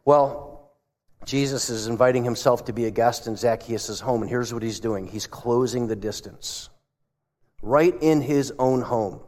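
Preaching in a church with long hall reverb, this man speaks at medium pitch and a measured pace, his voice a little mellow. He shares stories in a conversational way and puts questions to the congregation.

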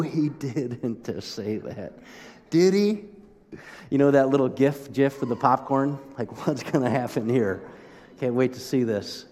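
A man's voice: fairly high pitch, darkish tone. Man preaching in a reverberant hall. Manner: conversational, asks the audience questions. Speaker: pastor. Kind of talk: sermon.

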